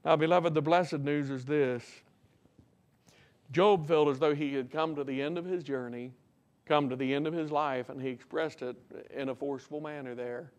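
A pastor delivering a sermon in a church, his voice sitting a little high for a man. He climbs to loud, emphatic peaks, then sinks to hushed reflection. He reads the old scripture wording slowly and with weight. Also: fairly even intonation. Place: church sanctuary.

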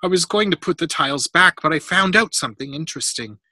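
Storybook boy, curious and eager, read aloud by a man; a bit higher than the reader's usual, dry and bright. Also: animated, quick pace, no echo, heavily acted. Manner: eager, wondering. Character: curious eager young boy in ancient times.

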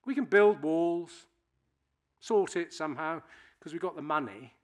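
A man's voice: a little high, lively intonation, measured pace. A man in his sixties from Britain, giving a public speech to an audience and telling wry, anecdotal stories. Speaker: keynote speaker.

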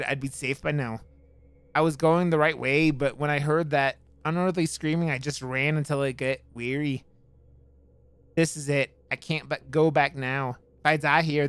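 A man's voice: fairly high pitch, fairly bright tone, clear, resonant tone, no echo. A man voicing a desperate, trapped male treasure seeker, reading his note aloud in a put-on Scottish accent.

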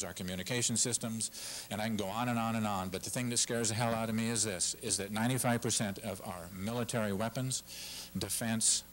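A man's voice: fairly low pitch, a little hiss or hum, rough recording. A middle-aged man giving an emphatic, passionate speech at a civic forum, often repeating himself. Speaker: guest speaker. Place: lecture hall with audience.

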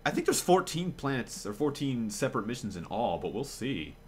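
A man's voice: mid-range voice, big pitch swings, a little fast. A man giving casual gameplay commentary, rambling and swearing freely with lots of fillers and restarts. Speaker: let's play commentator. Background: game music.

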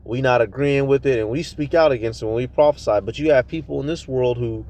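A man's voice: medium pitch, fast talker, darkish tone. A man preaching a heated, profane rant full of rhetorical questions. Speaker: street preacher vlogger. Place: at a tire shop, near a vehicle.

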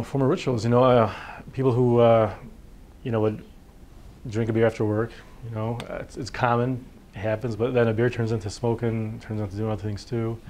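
A man's voice: on the low side, a little mellow, slight background noise. A man, a physician, giving an informal workshop talk on addiction, conversational and full of fillers. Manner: conversational, full of fillers, acts out patients' words. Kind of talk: informal lecture.

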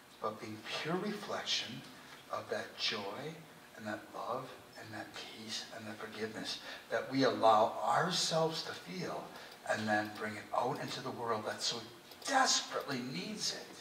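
Impassioned preacher, bright voice, echoing church. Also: male voice, medium pitch, recorded from a distance, a little hiss or hum. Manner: impassioned, heartfelt, often drops to a hushed earnest tone. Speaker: priest. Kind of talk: sermon. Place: church sanctuary. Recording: echoey church recorded from afar.

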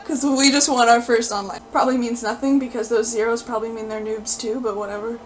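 A woman giving live gameplay commentary, excitable and loudly pleading and cheering at the game as she plays. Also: fairly high pitch, fast, a little hiss or hum. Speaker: gaming video creator.

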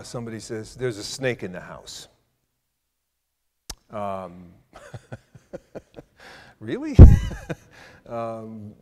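An older man lectures at a university, his voice sitting in the middle of the male range. He speaks thoughtfully, often restarting sentences and pausing with hesitations. The sound carries the long reverb of a lecture hall. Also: mid-range voice, a little mellow. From South Side of Chicago.

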